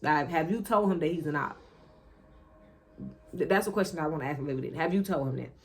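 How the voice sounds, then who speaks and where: A woman telling a personal story straight to her viewers in a casual, animated and profane monologue. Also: sits low, fast talker. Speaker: vlogger.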